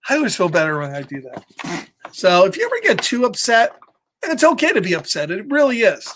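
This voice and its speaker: A man's voice: high voice, big pitch swings, normal speed, long pauses, bright, forceful tone, a little hiss or hum. A man reading a picture book aloud to listeners, breaking off into playful chatty asides and laughing often. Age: adult with a child. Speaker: children's story reader.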